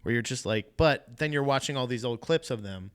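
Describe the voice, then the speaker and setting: A man's voice: medium pitch, brisk, a bit bright, clear, resonant tone. A young man co-hosting a podcast in casual chat, rambling, losing his thread, swearing and laughing. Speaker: podcast co-host.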